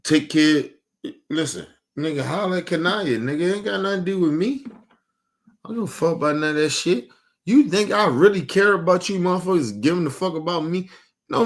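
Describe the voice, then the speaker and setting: Hosting a casual stream, a man goes on a heated, profane rant, saying things over and over and lurching from loud outbursts to quiet mutters.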